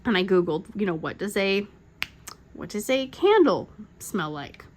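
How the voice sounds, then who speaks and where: A woman's voice: medium pitch, animated, a little slow, a little hiss or hum. A middle-aged woman hosting a crafting channel, telling stories in casual chat, rambling with lots of "like" fillers and frequent laughs. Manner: chatty, rambling, full of "like" fillers.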